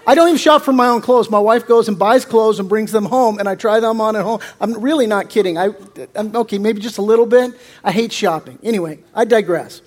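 High-pitched guy preaching, loose and chatty, lots of uhs and restarts. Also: fairly quick, hardly any pauses, darkish tone. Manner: conversational, joking, with many fillers and restarts. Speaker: pastor. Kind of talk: sermon.

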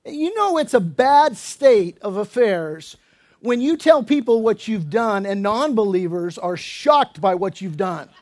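Casting note: high-pitched male pastor, chatty sermon delivery, jokey asides. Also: expressive, a little slow, darkish tone. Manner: casual, conversational preaching with asides and acted-out dialogue. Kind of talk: expository sermon.

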